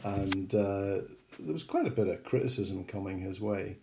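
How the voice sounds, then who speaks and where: Casting note: middle-aged male podcast co-host, low gravelly voice, rambling and hesitant. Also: expressive, normal speed, mellow, slight background noise. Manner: rambling, hesitant with many ums. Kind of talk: casual chat.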